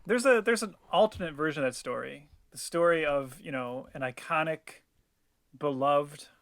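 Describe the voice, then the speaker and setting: A man's voice: fairly high pitch, moderate pace, a bit bright, dry recording. Wry teasing man, dry close sound. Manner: wry, teasing, mock-formal arguing. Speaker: podcast co-host. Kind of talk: casual podcast chat.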